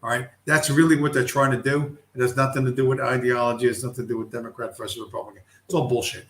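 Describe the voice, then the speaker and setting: Man, middle-aged, livestream host, blunt, foul-mouthed, mid pitch, roomy echo. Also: little pitch movement, fast. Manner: blunt, heavily profane, heated. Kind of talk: profane casual rant.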